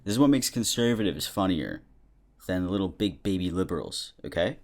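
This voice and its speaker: A young man with a deep, low voice rambles through a casual comedic monologue. He is chatty and self-deprecating and breaks into laughs often. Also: animated, moderate pace. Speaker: podcast host.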